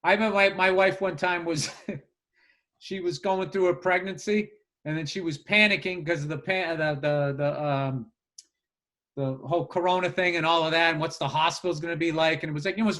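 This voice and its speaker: A man co-hosting a podcast in casual chat, telling stories in an animated way, swearing and acting out what people said. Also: on the high side, a little fast. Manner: animated storyteller, swears a lot, acts out voices. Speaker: podcast co-host.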